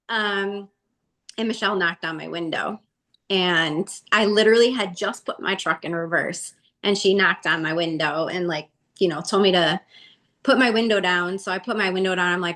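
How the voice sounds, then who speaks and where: A woman's voice: mid-range voice, moderate pace, bright, forceful tone. Woman guest, candid and chatty storyteller, mid-range voice, lots of "like". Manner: chatty, heavy use of "like".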